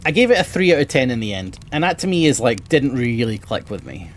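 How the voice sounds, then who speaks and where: Streamer, male, mid-pitched, rambling, eager, casual swearing, faint background hiss. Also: sing-song, a little fast. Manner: rambling and enthusiastic, swears often. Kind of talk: casual chat about books. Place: home room with bookshelves.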